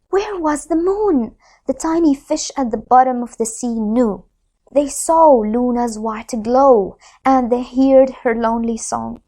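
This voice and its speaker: High-voiced teacher reading a story slowly. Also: female voice. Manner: slow, expressive read-aloud. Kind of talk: reading a storybook aloud to children.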